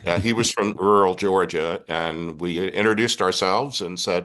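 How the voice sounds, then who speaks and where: Deep-voiced older priest from Texas. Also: male voice, moderate pace, hardly any pauses, a bit bright. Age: 60s. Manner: earnest, with frequent restarts. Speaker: Catholic priest and guest. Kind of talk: conversational storytelling interview.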